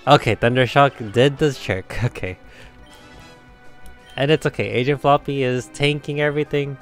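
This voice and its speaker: A man's voice: medium pitch, moderate pace, faint music behind. A man giving casual let's play commentary, chatty, laughing often and talking to himself. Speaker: game streamer.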